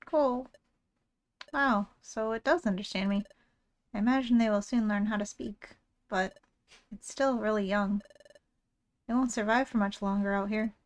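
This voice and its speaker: A woman reading a lonely, gentle psychic creature. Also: mid-range voice, steady tone, measured pace, pauses often, close to an everyday voice. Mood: tender, worried. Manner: earnest, soft-spoken reading of game dialogue. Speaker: streamer reading game lines. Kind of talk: reading game dialogue aloud.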